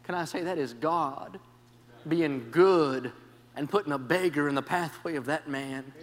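A man preaching a revival sermon in a church, telling stories with great passion and swinging from hushed tones up to shouts, often leaning on "can I say.". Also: a little high, unhurried. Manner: impassioned storytelling, swings from quiet to shouting; repeats "can I say" as a preaching cue. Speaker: traveling preacher. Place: church sanctuary. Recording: long reverb of a large church.

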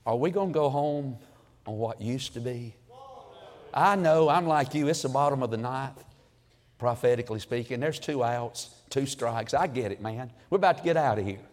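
Male preacher, mid-pitched, homespun sermon delivery with booming crescendos; long hall reverb. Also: normal speed. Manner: folksy storytelling, surging to loud emphatic peaks.

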